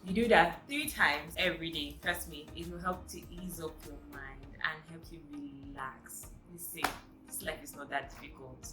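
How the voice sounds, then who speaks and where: A woman's voice: low-pitched, normal speed, reverberant, over music, rough recording. A woman vlogger giving a chatty, emphatic self-help talk straight to her viewers.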